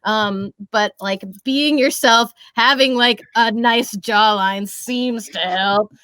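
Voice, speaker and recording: A woman in her twenties, a voice actress talking as a podcast guest, lively and laughing often, slipping into character voices. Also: a little high, takes it slowly, no echo. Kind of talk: casual podcast interview.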